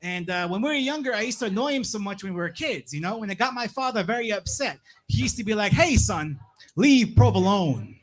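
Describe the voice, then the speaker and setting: A man's voice: sits high, expressive, quick pace, hardly any pauses, a bit bright. A young man from Massachusetts doing a stand-up comedy set on a club stage, laid-back and tagging his lines with "man" and "right?". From Plymouth, Massachusetts.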